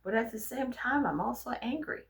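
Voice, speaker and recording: A young adult woman vlogging, telling personal stories in a frank, animated way and swearing freely. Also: on the high side, brisk. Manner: frank, profane, animated storyteller. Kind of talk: candid personal storytelling.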